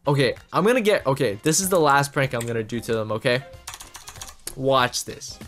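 A man hosting a gaming channel, giving excitable gameplay commentary straight to his viewers. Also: mid-range voice, normal speed, faint music behind.

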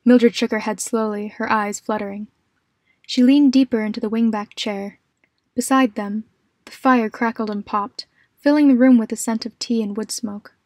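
A woman narrating a short horror story in a calm, measured, scripted reading. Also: fairly high pitch, no echo, clean studio sound.

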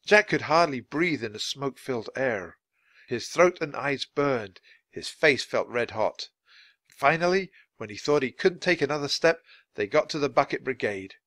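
A man's voice: mid-range voice, animated, moderate pace, fairly bright tone, dry recording. A man reading a children's chapter book aloud at natural speed for language learners, with dramatic expression. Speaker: narrator.

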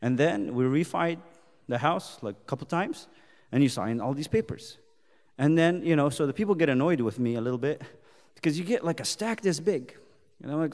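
A man's voice: on the high side, brisk. A man leading a youth Bible study, talking casually and then voicing scripture with force. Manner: conversational, animated, voices God's words emphatically. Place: church hall. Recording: long hall reverb.

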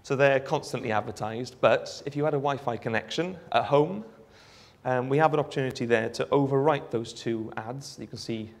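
A Welsh man giving a live demonstration of a phone app, explaining in a relaxed way with frequent ums. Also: medium pitch, fairly quick. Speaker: app developer giving a presentation. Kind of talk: live product demo talk.

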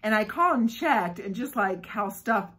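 A woman filming a casual unboxing vlog, gushing and giggling excitedly as she talks. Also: mid-range voice, normal speed, breathy edge, poor audio. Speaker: vlogger unboxing a subscription box.

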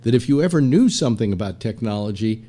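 A man's voice: on the low side, lively intonation, quick pace, mellow. An older man hosting a talk show, telling anecdotes in a loose, rambling way full of fillers and playful quoted voices. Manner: storytelling, many fillers, mimics quotes. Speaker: podcast host. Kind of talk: casual rambling chat.

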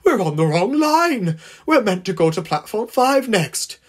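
A man's voice: sits high, very animated, a little slow, slightly rough, voice pushed up, heavily acted. A man voicing a groggy, indignant female railway coach in a fan audiobook.

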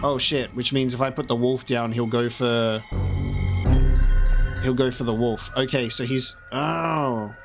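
A man's voice: mid-range voice, steady tone, measured pace. Chatty man narrating a game. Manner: chatty, self-deprecating, thinks out loud. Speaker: let's play host. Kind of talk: casual gameplay commentary. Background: game music.

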